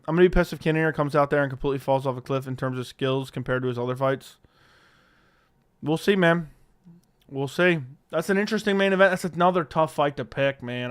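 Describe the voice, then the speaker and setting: A man's voice: fairly high pitch, clean tone. A man hosting a live stream, casually reading viewer questions aloud and answering offhand, swearing freely into a studio mic. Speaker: livestream host. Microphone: studio dynamic mic.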